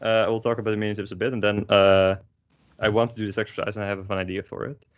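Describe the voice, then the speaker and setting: Young guy teaching online, lowish voice, lots of ums, dry jokes, kinda muffled call audio. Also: level tone, rapid-fire. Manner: wry, hesitant, many ums and uhs. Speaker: language teacher. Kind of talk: online class explanation. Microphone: video call.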